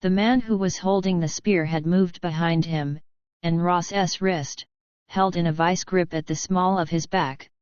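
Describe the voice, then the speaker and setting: A woman narrating an audiobook in a measured, even storytelling manner. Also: fairly low pitch, smooth, no echo. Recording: dry, slightly dull studio recording.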